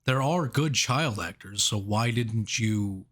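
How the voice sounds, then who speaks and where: A man's voice: fairly low pitch, takes it slowly, fairly bright tone. A man chatting loosely on a movie review podcast. He laughs a lot and circles back on his sentences as he works his point out. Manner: laughs often, rambling with restarts. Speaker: podcast co-host. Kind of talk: casual movie review chat.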